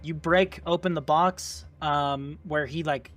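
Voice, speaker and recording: Higher-voiced man running a tabletop game. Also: fairly even intonation, slow pace, a bit bright. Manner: casual, filler-heavy narration. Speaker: game master. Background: faint music.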